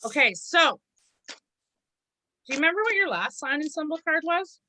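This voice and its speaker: A woman's voice: sits high, sing-song, moderate pace, sharp tone, dry recording, poor audio. A woman giving a live mediumship reading, blunt and lecturing, with casual swearing.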